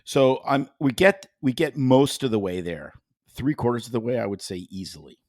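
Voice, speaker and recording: Male podcast co-host, casual chat, animated, swears a lot, dry close mic. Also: mid-range voice, moderate pace, dry recording. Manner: animated, swears freely, does mock accents.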